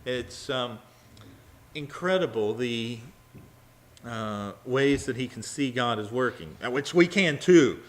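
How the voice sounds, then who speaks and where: A man's voice: mid-range voice, expressive. A man teaching a Bible study sermon in a conversational way, with frequent fillers and restarts. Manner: halting, many fillers and restarts; acts out quoted lines with a raised, louder voice.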